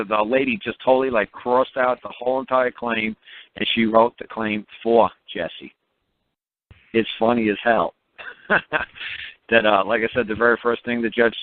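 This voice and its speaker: A man's voice: lowish voice, fairly even intonation, moderate pace. A man telling stories in a blunt, emphatic, repetitive way on a call-in radio show, often laughing at his own stories. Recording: tinny phone-line radio audio.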